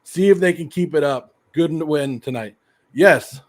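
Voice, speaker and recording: A middle-aged American man hosting a casual livestream, rambling excitedly and sounding a bit sick and hoarse. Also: fairly high pitch, a little slow. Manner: excited, rambling, laughs often. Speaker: host.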